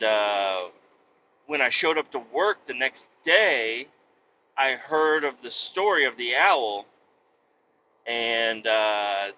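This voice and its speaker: A man's voice: medium pitch, pushed and bright. A man hosting a podcast, telling a story in casual, profane, rambling comedic style. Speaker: podcast host. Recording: dull lo-fi with faint noise.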